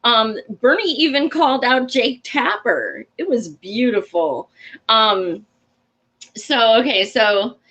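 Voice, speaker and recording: Casting: young woman host, unhurried delivery, bright edge, blunt and profane. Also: on the high side, animated. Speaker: political commentary show host. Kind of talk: casual political commentary.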